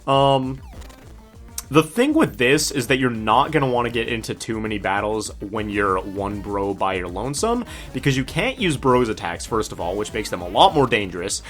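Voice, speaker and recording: A man's voice: fairly low pitch, a bit bright. A man casually commenting on a video game as he plays, chatty and joking. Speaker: let's play host. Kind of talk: gameplay commentary.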